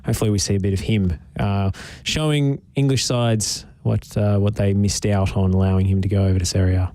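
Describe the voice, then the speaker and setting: A man's voice: on the low side, fairly even intonation, brisk, warm tone, no echo. A young man co-hosting a radio football show, chatting casually with dry, joking asides. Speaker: podcast co-host.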